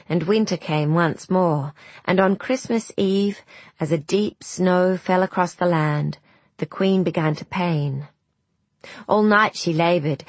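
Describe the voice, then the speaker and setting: Woman, storybook narration, slightly low voice, dry close sound. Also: no echo.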